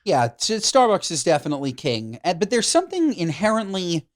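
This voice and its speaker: A man co-hosting a podcast in casual chat, talking with animated enthusiasm. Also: high voice, a little fast, no room sound, clean studio sound. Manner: animated, enthusiastic about food. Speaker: podcast co-host.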